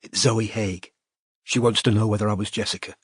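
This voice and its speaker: A man's voice: mid-range voice, animated, brisk, no echo, natural voice. A man voicing a determined young woman detective who speaks firmly and coolly, in a dry audiobook recording. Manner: firm and cool.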